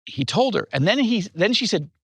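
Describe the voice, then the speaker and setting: A man in his fifties from upstate New York, telling his life story as an interview guest in an animated way. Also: sits high, normal speed, husky, no echo. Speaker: guest author.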